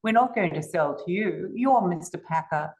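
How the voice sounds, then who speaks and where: A woman's voice: lowish voice, lively intonation, moderate pace, darkish tone, natural voice. An older woman putting on a mock-posh British voice to play a huffy, proud male photographer. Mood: huffy refusal.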